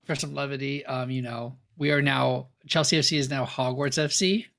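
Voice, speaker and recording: A man's voice: mid-range voice, fairly even intonation, normal speed, vocal fry, a bit bright. A man co-hosting a podcast with dry, skeptical remarks in casual chat. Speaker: podcast co-host.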